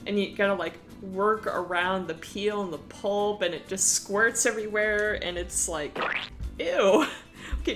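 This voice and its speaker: Playful, lively-voiced woman streamer. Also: medium pitch. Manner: playful and giggly, chatting to viewers. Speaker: live streamer. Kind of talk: casual live-stream chat.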